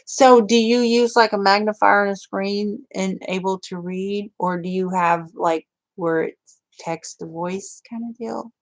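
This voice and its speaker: A woman's voice: mid-range voice, fairly even intonation, unhurried. A woman rambling chattily to viewers of her livestream, full of fillers. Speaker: crafting livestream host. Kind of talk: casual livestream chat.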